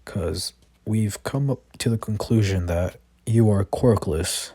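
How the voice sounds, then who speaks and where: A man voicing a calm, older male hero leader in a fan-made spoken story, reading the quoted lines in a plain, slow, husky voice. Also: fairly low pitch, no echo, heavily acted.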